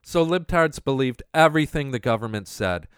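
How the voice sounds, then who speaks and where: A man's voice: mid-range voice, lively intonation, moderate pace, a bit bright, clear, resonant tone, no room sound, clean studio sound. A man hosting a show, ranting in scornful political commentary with a sneering, mocking manner. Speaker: podcast host.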